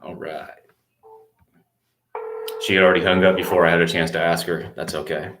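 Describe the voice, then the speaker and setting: Polite low-voiced man cold-calling. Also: little pitch movement, normal speed, a bit bright, slight background noise. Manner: polite, easygoing, explains his process. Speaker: real estate appointment setter. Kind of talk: cold-call demo with commentary. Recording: roomy echo.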